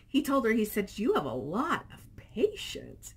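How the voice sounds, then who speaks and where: A middle-aged woman vlogging casually, chatting and reading viewer comments aloud in an animated storytelling way. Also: mid-range voice, moderate pace, few pauses, husky.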